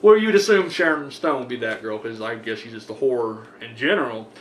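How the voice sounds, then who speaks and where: A man casually reviewing horror movies on his own, rambling and swearing freely with animated asides. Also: mid-range voice, a little fast. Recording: echoey room with faint hum.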